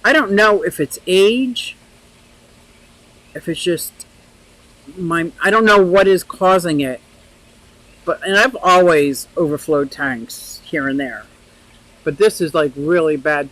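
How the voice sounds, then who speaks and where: A woman's voice: fairly low pitch, a little slow, long pauses, fairly bright tone, low-quality recording. An older woman hosting a casual live chat outdoors by a pond, talking freely, laughing often and answering viewers' comments. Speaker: livestream host.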